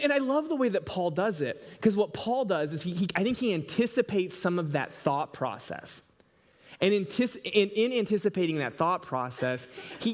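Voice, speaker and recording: A man preaching a sermon as pastor, talking in an animated, conversational way with lots of fillers and restarts. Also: medium pitch, long reverb tail. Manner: reads scripture slowly and deliberately.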